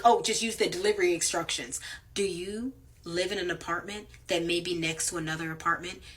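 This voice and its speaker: A woman's voice: lowish voice, pushed and bright. A woman delivery driver ranting to camera in a blunt, profane, angry way.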